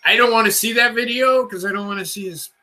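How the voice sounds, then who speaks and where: A young man gives his audience casual running commentary over a wrestling match, swearing in nearly every line. His slightly high voice rings bright and forceful, and he comes across as blunt and excitable. The recording is fast and low in quality.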